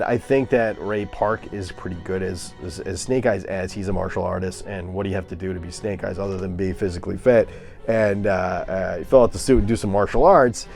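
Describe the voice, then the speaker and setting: A man's voice: lowish voice, a little mellow. A man giving a casual, opinionated movie review, ranting and scoffing with lots of fillers and restarts.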